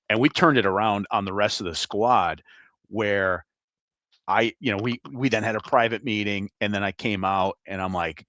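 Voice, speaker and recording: A middle-aged man with a low voice tells lively, laughing stories from his career. He sounds close to the mic, with a dry sound and no room echo. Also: normal speed. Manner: animated, laughing anecdotes. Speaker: retired FBI agent, guest. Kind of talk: casual storytelling interview.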